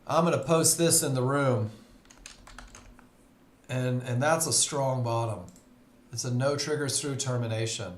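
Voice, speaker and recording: A man teaching a live trading webinar in a relaxed, conversational way, often putting questions to his audience. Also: medium pitch, a little slow, pauses often, reverberant. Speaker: trading instructor. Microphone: computer mic on a live webinar.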